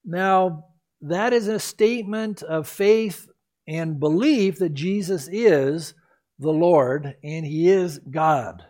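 A pastor preaching a sermon in an earnest, exhorting, emphatic way. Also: male voice, fairly high pitch, slow, a little mellow.

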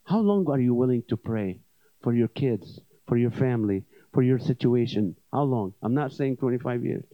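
A man who is an evangelist, delivering a comedic sermon at a church service in an animated, joking way. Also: medium pitch, moderate pace, no echo. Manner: animated, joking, swings between loud punchlines and quiet asides. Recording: dull dry lo-fi sound.

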